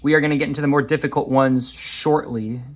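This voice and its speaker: A man's voice: mid-range voice, steady tone, fairly quick. A man teaching a math lesson, walking through graphing problems in a chatty, self-deprecating way. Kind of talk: casual lesson walkthrough.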